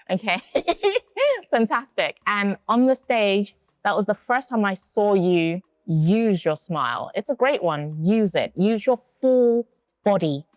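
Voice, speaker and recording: Encouraging lower-voiced female judge. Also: no room sound, clean studio sound. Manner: encouraging, direct coaching. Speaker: talent show judge. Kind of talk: giving performance feedback.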